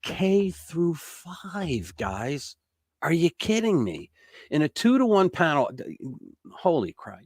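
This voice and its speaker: A man hosting a casual news commentary show, reading stories aloud and breaking in with blunt, sarcastic remarks, swinging between loud outbursts and mumbled asides. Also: fairly high pitch, huge pitch swings, a little slow, dry recording, studio quality. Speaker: political commentary host.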